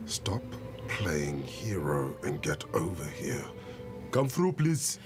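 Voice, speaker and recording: A booming, very low voice speaking straight into your head, as a game master puts it on, bossy and urgent. It swings widely in pitch and takes its time, with music playing behind. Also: male voice, sing-song, slow, exaggerated voice. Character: commanding deep voice heard in one's head.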